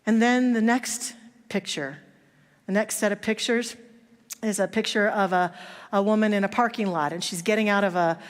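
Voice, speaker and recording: A woman minister with a mid-range voice and fairly even intonation speaks at normal speed, giving a sermon in a church sanctuary. She tells stories and acts out the voices of the people in them, with a long hall reverb on the recording.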